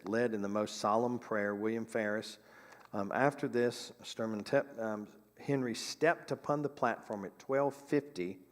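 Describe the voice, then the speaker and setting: A man's voice: on the low side, big-room sound. Man reading history aloud in a church. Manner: dramatic reading with chatty asides. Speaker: local history presenter. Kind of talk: storytelling talk, reading an old newspaper account aloud. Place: church sanctuary.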